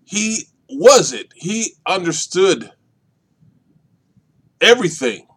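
A minister leading a Bible study, talking deliberately and repeating key points for emphasis. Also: male voice, very animated, husky. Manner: swings between loud emphasis and soft, low delivery.

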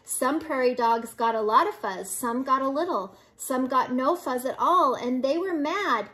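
An older woman, a grandmother, reading a children's picture book aloud with lively, expressive narration. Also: high voice, measured pace, few pauses. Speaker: storybook reader.

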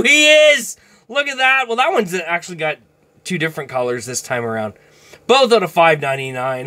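A man hosting a card-opening vlog, excitable and given to shouted exclamations and mild minced oaths. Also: sits high. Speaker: hockey card channel host.

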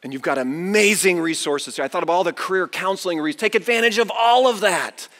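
A man preaching to students in a large university chapel, his fairly high voice ringing out with a long hall echo. He tells his story with big swings, climbing loud and high, then dropping to near a murmur. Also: a little fast. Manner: animated storyteller with wide swings in pitch and loudness. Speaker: pastor. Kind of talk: chapel sermon.

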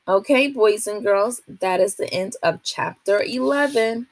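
A woman, a teacher, reading a children's novel aloud to a class in a steady, expressive way. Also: mid-range voice, unhurried, gravelly, dry recording.

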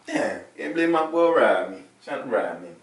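A man's voice: a little high, big pitch swings, moderate pace, loud music behind the voice. A young man playing an indignant homeowner who scolds his friend in outraged slang in a comedy skit. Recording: roomy and far from the mic.

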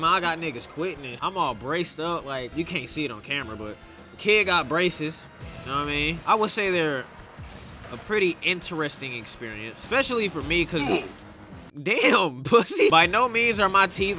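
A young man streaming a game, chatting casually and yelling at his teammates. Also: high voice. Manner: trash-talking, breaks into loud yelling at teammates. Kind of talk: casual gameplay commentary.

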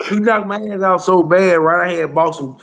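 A man's voice: high voice, normal speed, a bit bright. A man telling a rambling street story in casual slang, with lots of "bro" and "you hear me" along the way. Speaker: storyteller guest.

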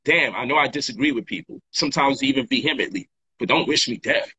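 A man's voice: medium pitch, brisk, sharp tone, slight background noise, rough recording. A man hosting a casual livestream monologue, emphatic and repetitive in his talk, full of slang. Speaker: livestream host and author.

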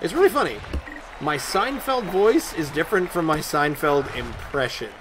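Brief: excitable gaming man with a lively, bouncing voice, pitched a bit high, over loud game crowd noise. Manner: excitable, chatty, talks back at the game. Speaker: gaming YouTuber. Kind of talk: let's-play commentary.

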